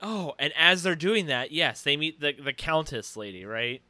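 A man's voice: a little high, animated, normal speed, sharp tone, dry recording. A man co-hosting a casual movie discussion, chatty and agreeable, with lots of "like"s. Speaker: podcast co-host.

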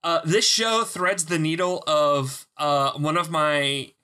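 Bright, slightly high-voiced man, animated. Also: slow pace, clean tone. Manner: laughing, animated, swears for emphasis. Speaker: podcast co-host. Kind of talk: casual chat reviewing a show.

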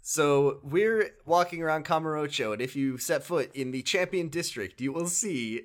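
A man's voice: a little high, normal speed, hardly any pauses. A man chatting casually on a podcast, recapping a video game, laughing often and acting out the characters' lines. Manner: animated, laughs often, acts out quotes. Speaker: podcast co-host.

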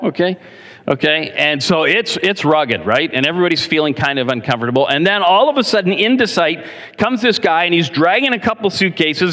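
A male pastor preaching a sermon to his congregation, telling stories in an animated, direct way. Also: on the high side. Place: church. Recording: long reverb in a large hall.

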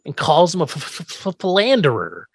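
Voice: mid-range voice, wildly swooping pitch, normal speed, breathy edge, no room sound. A podcast co-host retells a TV episode in loose, casual chat. The voice swoops up and down as it tells the story and swears freely, recorded close and dry.

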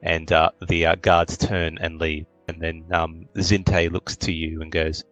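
A man narrating a tabletop role-playing game as game master, relaxed and full of fillers. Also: deep voice, unhurried, few pauses, no echo, faint music behind, rough recording.

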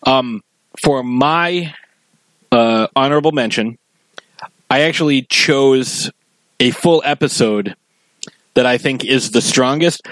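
A man's voice: mid-range voice, slow, pauses often, a bit bright, no echo, rough recording. Chatty man, dry close sound. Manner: chatty, quotes scenes in put-on voices. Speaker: podcast co-host. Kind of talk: casual chat about a cartoon.

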